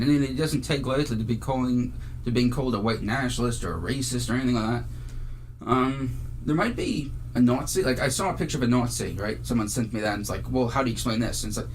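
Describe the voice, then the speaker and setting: A man's voice: mid-range voice, slight background noise. A man co-hosting a podcast, rambling through his points in casual chat. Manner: rambling, full of fillers and restarts. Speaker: podcast co-host.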